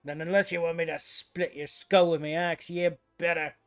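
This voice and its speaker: A man's voice: fairly high pitch, level tone, normal speed, a bit bright, faint music behind. Man doing a blustering pirate marauder chief. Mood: boastful. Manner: rough blustering pirate-style growl, threatening. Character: swaggering brutish male pirate marauder chief.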